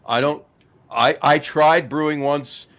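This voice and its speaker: A man's voice: a little high, fairly even intonation, slow pace, a bit bright. A man hosting a craft beer podcast in casual chat, easygoing and full of fillers, often repeating his own phrases. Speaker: podcast host.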